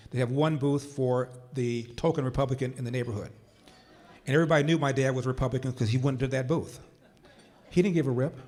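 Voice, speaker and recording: An older man speaking at a conference, telling a personal story that leads into a political speech, slowing down and dropping quiet for emphasis before rising to forceful points. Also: mid-range voice, fairly even intonation. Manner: storyteller who slows down and drops quiet for emphasis, then rises to forceful points. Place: conference hall stage.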